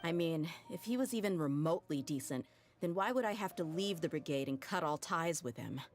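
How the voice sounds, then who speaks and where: A blunt, low-voiced desert mercenary. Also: female voice, animated, fairly quick. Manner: blunt, matter-of-fact. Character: tough young woman desert mercenary leader, blunt. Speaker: game character in a played cutscene. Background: faint game music.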